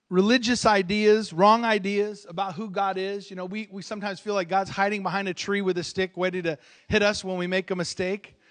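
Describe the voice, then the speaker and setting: Male guest preacher with a high voice, emphatic church sermon, calls for amens, stumbles into restarts. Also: fairly bright tone. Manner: emphatic, calls for amens, repeats his starts. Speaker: visiting preacher.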